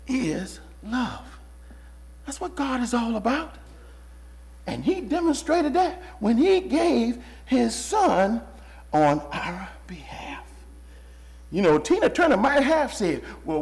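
A man preaching a sermon, swinging from hushed, whispered asides to shouted, sung lines. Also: sits high, roomy sound.

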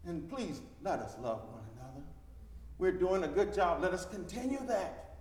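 A man preaches in a high voice, his lines swinging from loud and emphatic to quiet. His words ring out in a big church hall with a long, echoing tail. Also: sing-song, moderate pace. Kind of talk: sermon. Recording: echoey hall reverb.

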